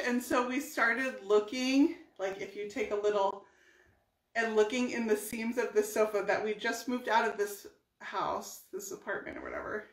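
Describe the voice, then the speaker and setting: A woman's voice: mid-range voice, fairly even intonation, normal speed, echoey room, low-quality recording. A woman telling a story casually while she works on furniture, chatty and laughing often. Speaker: furniture painting vlogger.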